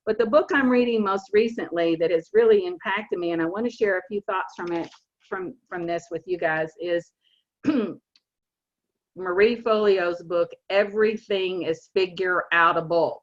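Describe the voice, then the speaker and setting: Earnest Southern woman in her sixties. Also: fairly low pitch. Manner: earnest, emphatic, stresses key words slowly. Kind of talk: motivational talk on a video call. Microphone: video call. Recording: muffled lo-fi video call audio.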